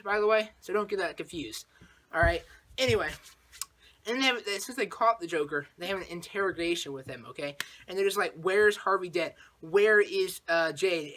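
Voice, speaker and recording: A man's voice: sits high, bright, forceful tone. A man hosting his own channel, recapping a movie in a casual, rambling way, full of fillers and sound effects.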